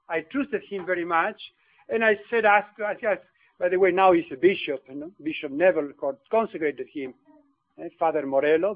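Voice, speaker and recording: A priest from Argentina tells his story in English, stumbling and repeating words as he goes. His voice sits unusually high for a man. It comes through a narrow, phone-like channel with no room sound. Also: no echo. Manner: halting, repeats words, non-native grammar. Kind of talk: personal storytelling. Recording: tinny phone-like line.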